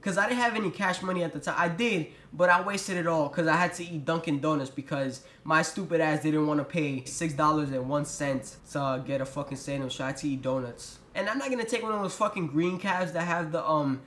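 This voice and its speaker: A man's voice: on the high side, fairly quick, few pauses, fairly bright tone. A young man telling a story to his camera, ranting in an exasperated, profane way. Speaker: vlogger. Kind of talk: storytime rant. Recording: echoey room.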